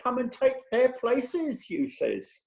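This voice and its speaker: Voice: mid-range voice, wildly swooping pitch, slow, creaky, roomy sound, heavily acted, poor audio. Actor doing a sly cheeky old male clerk. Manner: dry, cheeky, laconic backtalk. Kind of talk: comic stage reading.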